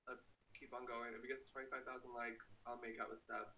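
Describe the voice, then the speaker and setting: A young man chatting casually on a home live stream, playful and quick to laugh as he reads viewer comments. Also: medium pitch, little pitch movement, pushed and bright, far from the mic. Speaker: livestreamer. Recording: echoey room, away from the mic, faint hiss.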